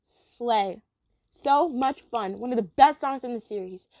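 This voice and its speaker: High-voiced excitable woman vlogger. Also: normal speed, no echo. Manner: gushing and excitable, giggly. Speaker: episode ranking vlogger. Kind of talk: casual chat.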